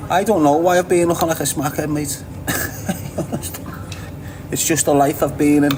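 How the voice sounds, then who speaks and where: Speaking at a normal speed in a fairly high, evenly intoned voice, this Liverpool-accented livestream host goes through viewer comments. His chat is loose and blunt, full of swearing and laughter, and background noise can be heard.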